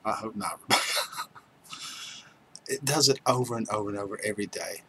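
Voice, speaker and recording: A man's voice: on the low side, moderate pace, creaky, fairly bright tone, slight background noise, low-quality recording. A man hosting a livestream, chatting casually and joking with viewers as he reads their names aloud. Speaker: livestream host. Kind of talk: casual chat with live viewers.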